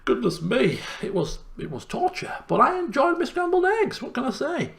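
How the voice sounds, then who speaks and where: A young man chatting casually in a diary vlog, lively and self-deprecating. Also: very high voice, moderate pace, gravelly. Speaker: vlogger.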